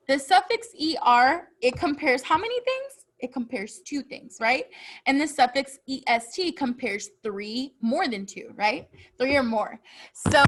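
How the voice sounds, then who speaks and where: A woman teaching a children's phonics lesson, patiently asking questions and answering them herself. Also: high voice.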